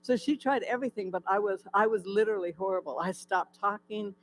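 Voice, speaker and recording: A woman's voice: mid-range voice, brisk, slight background noise, poor audio. A woman giving her personal testimony at a church in a candid, conversational storytelling way. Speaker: guest speaker sharing her testimony.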